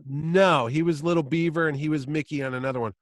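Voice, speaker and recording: Male podcast host, lively raconteur, slightly higher voice, dry close recording. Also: quick pace, dry recording. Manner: animated storyteller, acts out quoted voices. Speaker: comic con host. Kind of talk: casual podcast chat.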